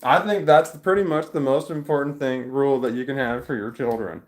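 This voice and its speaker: Talking fairly quickly in a medium-pitched voice, this middle-aged man vlogs from a room at home, meandering through a casual monologue, interrupting himself and chuckling now and then. A distant camera mic picks him up, giving a roomy sound with faint background ambience.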